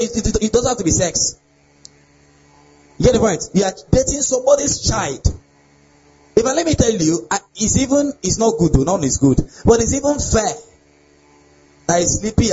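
A young adult man, a pastor, preaching a lively sermon on relationships and often asking his listeners if they get the point. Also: high-pitched, normal speed. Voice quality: animated preaching with laughs and repeated rhetorical questions. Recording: dull lo-fi sound with faint ambience.

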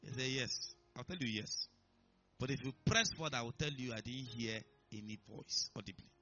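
A man's voice: medium pitch, normal speed, muffled recording, over music. A man preaching a sermon in church, emphatic and repetitive, often asking if listeners are following. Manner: emphatic, repeats himself, checks in with listeners. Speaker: pastor.

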